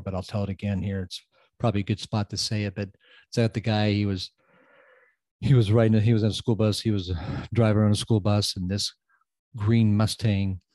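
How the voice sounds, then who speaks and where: A man hosting a podcast, giving a motivational talk and repeating phrases, swinging from loud emphasis to quiet asides. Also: on the low side, dry recording. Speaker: podcast host.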